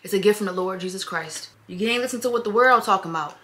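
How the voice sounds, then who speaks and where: A woman's voice: medium pitch, fast, fairly bright tone. A young woman vlogger chatting casually, rambling from story to story with loose slang. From Michigan, USA. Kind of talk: casual chat.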